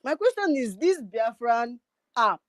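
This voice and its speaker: A man's voice: extremely high pitch, big pitch swings, a little slow, a bit bright, no room sound, studio quality. A man calling in to a live broadcast, pleading playfully and mixing Pidgin into his English. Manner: pleading, joking, mixes in Pidgin. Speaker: caller.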